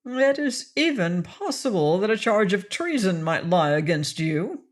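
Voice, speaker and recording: A woman's voice: mid-range voice, very animated, measured pace. A woman reading an audiobook, voicing an elegant little colonial lord who speaks dryly and with formal authority.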